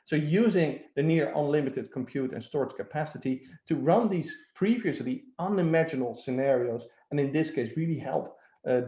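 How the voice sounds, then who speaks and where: Man presenting with roomy dull audio. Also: on the high side. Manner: steady, with frequent "uh" and "um" fillers. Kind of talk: webinar presentation.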